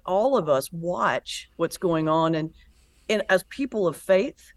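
A woman pastor and comedian, a guest in an interview, telling stories in a lively, animated way. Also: on the low side, slow. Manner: animated storyteller, lively retelling with laughs. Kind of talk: conversational interview.

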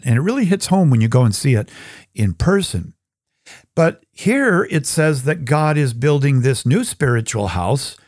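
A male Bible teacher delivers an animated scripture talk, his pitch swinging widely as he tells stories and acts out little scenes. The recording is close and dry, with no room sound around his voice. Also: no echo.

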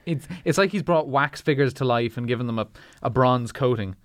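A man with a smooth, resonant voice talks through comedy films in casual podcast chat. He picks his words as he goes and often restarts a sentence. The sound is dry and close. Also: mid-range voice, fairly quick, no room sound. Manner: analytical, restarts sentences, laughs at jokes. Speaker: podcast co-host. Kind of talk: casual film discussion.

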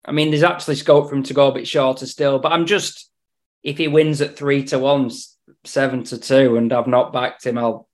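A man's voice: mid-range voice, steady tone, moderate pace. Man chatting horse racing tips. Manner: hesitant, repeats words, dry humour. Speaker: racing tipster on betting podcast. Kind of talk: casual podcast chat.

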